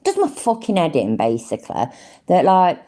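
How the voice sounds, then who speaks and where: Sweary low-voiced woman from Leicester. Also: huge pitch swings, normal speed, warm tone. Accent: Leicester English. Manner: rambling, swears often, laughs easily. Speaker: live streamer. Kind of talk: casual sweary stream chat.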